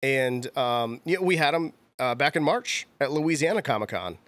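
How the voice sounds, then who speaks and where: A man's voice: mid-range voice, animated, normal speed, fairly bright tone, dry recording. A man in his thirties co-hosting a casual podcast chat, a chatty storyteller. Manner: chatty storyteller, acts out quotes. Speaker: convention show co-host.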